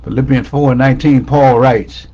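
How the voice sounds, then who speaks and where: A man's voice: mid-range voice, fairly even intonation, normal speed, mellow, husky, lo-fi sound. A man preaching a sermon as pastor, repeating his key lines with rising emphasis. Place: church sanctuary.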